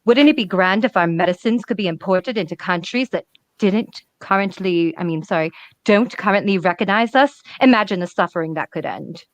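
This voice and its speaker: A woman's voice: medium pitch, moderate pace, no echo, close to an everyday voice. A woman reading as a snooty, icy society hostess. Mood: haughty. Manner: cool, clipped, condescending. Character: haughty snooty rich woman, icy host. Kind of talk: comic book read-aloud. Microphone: webcam.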